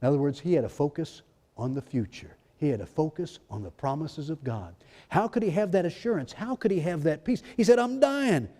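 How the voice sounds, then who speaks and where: A male pastor preaching a fervent sermon, swinging between loud exclamations and hushed, intimate lines. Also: a little high, animated, fairly quick. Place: church sanctuary. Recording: long hall reverb in a church.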